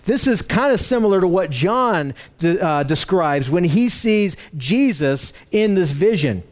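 A man's voice: high-pitched, animated, unhurried, darkish tone. A man giving a verse-by-verse Bible teaching in a conversational way, with frequent fillers and restarts as he explains the text word by word. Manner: explains word by word, using slides.

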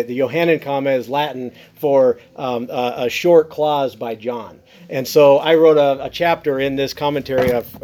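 A man's voice: medium pitch, darkish tone. A man who wrote a Bible commentary, explaining scripture in casual teaching talk, earnest and full of fillers and restarts.

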